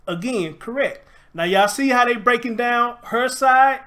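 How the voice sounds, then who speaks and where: Male live-stream host, high voice, Memphis drawl, reads the news aloud and comments emphatically. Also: a little slow, fairly bright tone. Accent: Memphis Southern. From Memphis, USA. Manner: reads aloud then reacts emphatically, greets viewers. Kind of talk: casual live-stream commentary reading an article.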